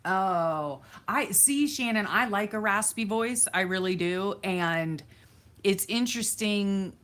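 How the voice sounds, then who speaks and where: The livestream host, a woman from Florida, USA, casually reads and responds to viewer comments, laughing a great deal. She has a mid-range, expressive voice with a fairly bright tone, and she takes her time.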